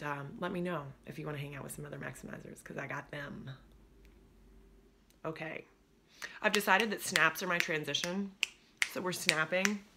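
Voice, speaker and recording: Bright-voiced upbeat woman coaching. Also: low-pitched. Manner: upbeat and chatty, laughs easily, drops to near whispers. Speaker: business coach. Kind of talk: casual direct-to-camera coaching talk.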